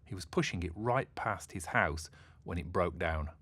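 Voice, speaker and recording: Expressive male storyteller. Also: low voice, normal speed, husky, no room sound. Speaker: narrator. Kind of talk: storybook narration for children.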